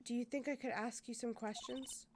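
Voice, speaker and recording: A woman's voice: on the high side, steady tone, normal speed, a little mellow, slight background noise, lightly acted. A woman voicing an earnest young male defense lawyer in a game playthrough, asking direct questions in close to her own voice.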